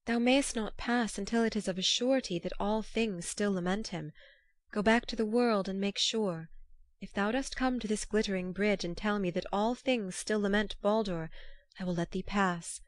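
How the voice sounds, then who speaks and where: A woman's voice: mid-range voice, normal speed, no echo, close to an everyday voice. A woman voicing a pale maiden who guards a bridge, speaking formally in old-fashioned, stately phrasing. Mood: solemn. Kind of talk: storybook reading.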